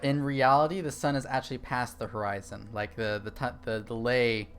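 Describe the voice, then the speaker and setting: A man's voice: medium pitch, fairly even intonation, normal speed. A young man chatting casually while streaming a horror game, rambling with lots of fillers and restarts. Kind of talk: casual gaming stream chat.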